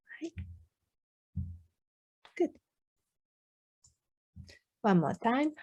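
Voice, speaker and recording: A woman with a Japanese accent, a native Japanese speaker, tutoring beginners. She explains slowly in simple English with many ums and says phrases for learners to repeat. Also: on the high side, animated, mellow. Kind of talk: online language lesson.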